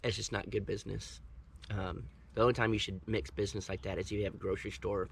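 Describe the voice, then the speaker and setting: A man's voice: on the low side, little pitch movement, fast, vocal fry, a little hiss or hum. A man co-hosting a casual chat outdoors in the woods, rambling and joking with plenty of fillers. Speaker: co-host.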